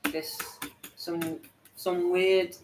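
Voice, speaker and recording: A host in casual chat, speaking softly and hesitantly with fillers. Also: mid-range voice, level tone, drawn-out words. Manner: soft, hesitant interjections. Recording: echoey room with faint background noise.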